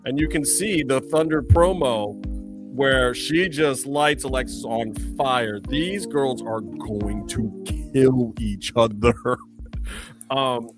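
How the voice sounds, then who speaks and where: A chatty man with a somewhat high voice, laying out steps for listeners in a relaxed way. Music plays clearly behind him. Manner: chatty, laid-back, gives listeners instructions. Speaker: podcast co-host. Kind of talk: casual chat with sponsor plug.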